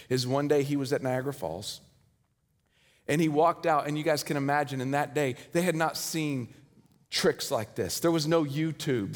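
A male pastor preaching a sermon, telling a story with dramatic swings between loud and hushed delivery. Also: on the high side. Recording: hall reverb.

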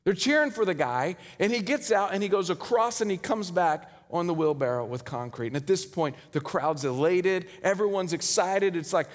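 High-voiced male preacher in a reverberant hall. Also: lively intonation, moderate pace, few pauses. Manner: storytelling, dramatic swings from loud to hushed. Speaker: pastor. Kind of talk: sermon.

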